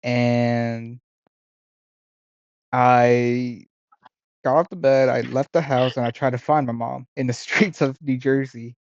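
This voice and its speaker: A young man speaks at a middle pitch, halting and searching for words as he tells a memory. The sound is dry and dull, with no room echo. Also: level tone, a little mellow. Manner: hesitant, full of fillers and restarts. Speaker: podcast co-host. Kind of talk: casual chat.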